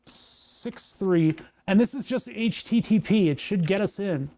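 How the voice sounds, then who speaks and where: Male streamer, higher pitch, casual rambling tinkering talk with wry jokes. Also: expressive, a little slow, warm tone. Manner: rambling, joking, talks to chat while working. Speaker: maker streaming a hardware project.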